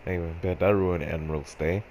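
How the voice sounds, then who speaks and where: Guy with a really low voice rambling thru a story, keeps correcting himself, jokey about himself. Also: steady tone, a little fast, a little mellow, slight background noise, poor audio. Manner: rambling, self-correcting, repeats phrases; wry, self-mocking humor. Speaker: storyteller vlogger. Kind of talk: casual storytime monologue.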